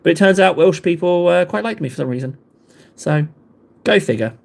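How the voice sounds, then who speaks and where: A man's voice: high voice, expressive, brisk, gravelly. A man, chatting casually with live viewers in a rambling, self-deprecating way. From England. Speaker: livestream host.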